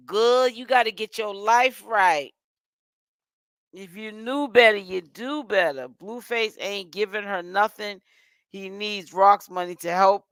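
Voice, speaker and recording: A woman with a mid-range, slightly bright voice hosts a gossip commentary vlog, chatting sassily with lots of "honey" and "child" asides. She's tired and yawning while fasting, and the studio-quality audio is clean with no room sound.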